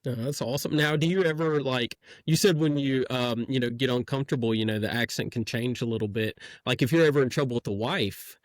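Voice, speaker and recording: A man's voice: mid-range voice, fairly quick, few pauses, no echo, studio quality. A middle-aged man hosting a podcast, asking rambling questions and laughing easily. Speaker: podcast host. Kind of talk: casual interview chat.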